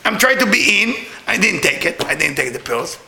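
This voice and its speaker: Animated man, lively high voice. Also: moderate pace, creaky, echoey room, background noise. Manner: expressive, laughs often, broken English. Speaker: storyteller. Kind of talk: animated personal storytelling.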